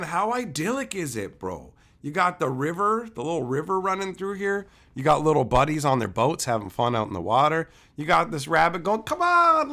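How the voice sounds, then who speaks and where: In this relaxed live stream, a man with a medium-pitched, somewhat bright voice opens card packs. He banters with viewers and keeps the jokes crude.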